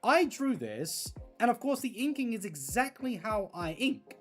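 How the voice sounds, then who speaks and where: Excitable livestream host, lively voice. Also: medium pitch, unhurried, faint music behind. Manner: excitable and gushing, talking to chat. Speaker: livestream host and colouring content creator. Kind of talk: casual livestream chat while colouring.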